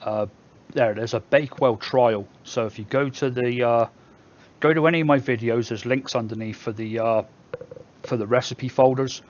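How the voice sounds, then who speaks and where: A man's voice: mid-range voice, fairly even intonation, moderate pace, highs cut off. A man with a Somerset English accent, hosting a casual live stream where he reads viewer comments aloud and jokes back at them. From England.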